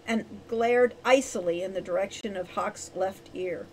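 A woman narrating a storybook chapter, acting out each character's lines with lively changes of voice. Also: mid-range voice, measured pace, slight background noise, low-quality recording. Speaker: audiobook reader.

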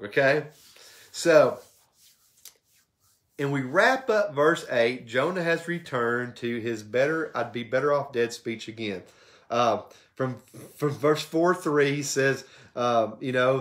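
A man teaching a church Bible study in a conversational way, often checking in with his listeners and acting out the quoted lines. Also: measured pace. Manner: conversational, checks in with "okay?" and "right?"; animated, acts out quotes with shifts in pitch.

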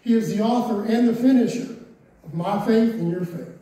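Speaking at a normal speed in a high-pitched, mellow voice, a man in his forties shares his testimony with a congregation, frank and wry, mocking himself now and then. He's far from the mic, and the recording has a roomy echo and a faint hiss.

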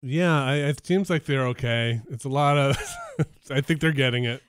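Um homem coapresentador numa conversa informal e brincalhona antes de uma transmissão. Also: male voice, mid-range voice, moderate pace, smooth, no echo, clean studio sound. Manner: joking, laughs often. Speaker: co-host. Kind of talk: casual pre-show chat.

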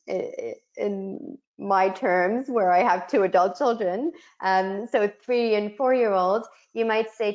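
Woman, middle-aged, webinar facilitator, explanatory teaching manner, dull low-fidelity audio. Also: steady tone, slow pace, a little mellow. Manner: explanatory, models speech sounds aloud. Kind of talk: instructional webinar presentation.

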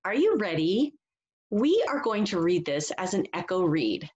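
A woman teacher giving a children's read-aloud lesson, reading slowly and expressively for young listeners to echo back. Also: on the low side, muffled recording. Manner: slow, expressive echo reading with exaggerated rises.

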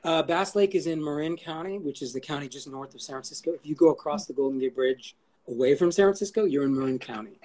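A man's voice: a little high, quick pace, mellow. A man chatting as an interview guest, rambling, swearing casually and cracking jokes. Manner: rambling, profane and jokey.

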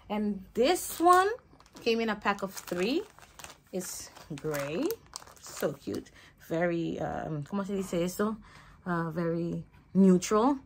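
A woman's voice: medium pitch, slight background noise. A young woman, expecting a baby, chatting casually through a haul vlog with hesitant fillers and Spanish words mixed in. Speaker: vlogger.

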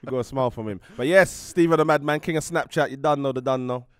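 A man's voice: medium pitch, fast talker, slight background noise. A man on a football podcast panel, talking in playful slang and laughing with the others. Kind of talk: casual football banter. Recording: lively room with crowd of voices.

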